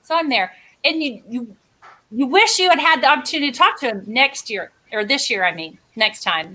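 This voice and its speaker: A woman guest talks in a loose, rambling way and keeps poking fun at herself. Her voice sits high and sounds bright and clear. She jumps from one thought to the next without pausing. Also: animated, slight background noise. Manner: rambling, chatty, self-mocking. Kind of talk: casual chat.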